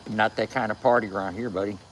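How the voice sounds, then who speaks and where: A man's voice: on the low side, fairly even intonation, quick pace, a little hiss or hum. A man giving a casual, profane rant as a commentator, cursing and laughing often.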